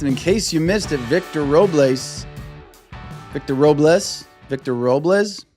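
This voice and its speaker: A man hosting a sports podcast in casual, profane commentary, acting out players in quick put-on voices. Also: mid-range voice, dry recording, studio quality. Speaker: podcast host.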